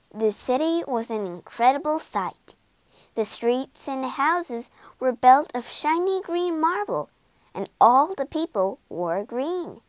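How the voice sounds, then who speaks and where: A woman reads a storybook aloud slowly and clearly for English learners. Her voice is fairly high and very lively in its rise and fall. The recording is close and dry. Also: dry recording. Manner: slow, clear, expressive reading.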